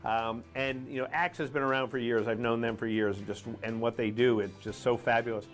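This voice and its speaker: A man's voice: mid-range voice, fairly even intonation, fairly quick, soft background music. A middle-aged man from Rhode Island hosting a live morning show, chatting casually and rambling with lots of fillers.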